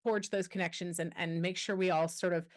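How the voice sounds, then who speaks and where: A woman's voice: lowish voice, brisk. Candid woman telling her story. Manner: candid, animated storyteller, quotes others. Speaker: guest, anti-trafficking expert. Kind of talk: podcast interview, personal storytelling.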